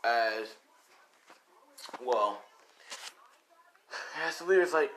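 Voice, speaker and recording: A man's voice: medium pitch, normal speed, pauses often, noisy background. A man improvising a fan-fiction story aloud in a rambling, filler-heavy way. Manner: rambling, full of fillers and profanity.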